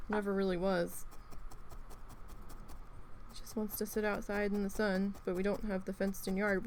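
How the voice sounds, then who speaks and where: Her voice is medium in pitch and creaky, with a little hiss or hum in the background. She's a crafting video host chatting casually at home as she needle felts, wandering through stories, swearing freely and performing her own reactions.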